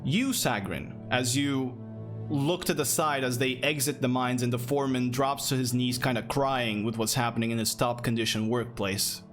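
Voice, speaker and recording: A man's voice: medium pitch, moderate pace, faint music behind. Man narrating as game master. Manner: loose, casual storytelling.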